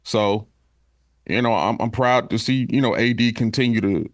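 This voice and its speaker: A man co-hosting a sports podcast, speaking haltingly with many fillers. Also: medium pitch, steady tone, no echo, studio quality. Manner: halting, full of "you know" fillers. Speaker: podcast co-host. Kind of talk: casual sports podcast chat.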